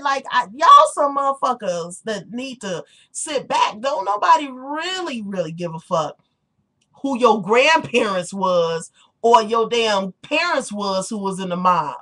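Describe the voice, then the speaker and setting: A woman's voice: fairly high pitch, a little slow. Blunt, profane woman ranting on webcam. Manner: blunt, profane and animated, with sharp rhetorical questions. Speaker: webcam vlogger. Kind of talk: casual webcam rant.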